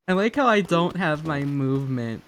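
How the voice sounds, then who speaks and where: A man's voice: a little high, expressive, measured pace. A man giving casual gaming commentary as a streamer, goofy and self-mocking, sometimes slipping into a silly put-on accent. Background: game music.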